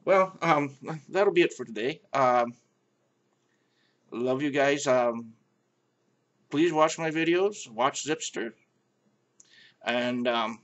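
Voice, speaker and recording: A middle-aged man from the American Midwest with a Midwestern accent, talking to camera in a halting, friendly vlog full of fillers. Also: mid-range voice, fairly bright tone, lo-fi sound. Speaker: vlogger. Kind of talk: casual rambling vlog monologue.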